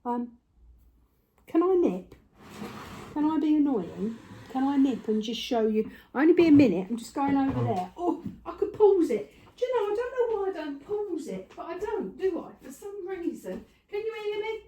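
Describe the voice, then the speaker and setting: An older woman chats casually to the camera in a room at home for her craft vlog, her high, sing-song voice mellow and at a normal speed. She sounds a little out of breath and rambles, tossing in plenty of tag questions.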